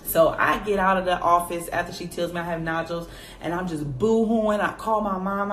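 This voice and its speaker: A woman in her twenties telling a personal faith story straight to her viewers, calling them y'all and acting out her own past reactions in a high voice. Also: fairly even intonation, moderate pace. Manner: addresses viewers directly as y'all. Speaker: faith vlogger. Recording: echoey room with faint background noise.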